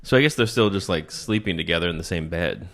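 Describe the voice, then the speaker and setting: A middle-aged man, a comedian hosting a podcast, recapping a movie with animated delivery and laughing at his own jokes as he acts out the characters' lines. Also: sits low, fast talker, gravelly.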